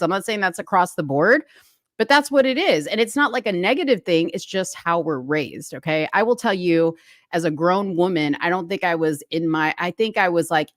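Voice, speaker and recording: A woman in her thirties co-hosting a casual political commentary chat, talking in a chatty way full of "like" and quick laughs. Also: on the low side, dry recording, studio quality. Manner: chatty, laughs often, lots of "like". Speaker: co-host.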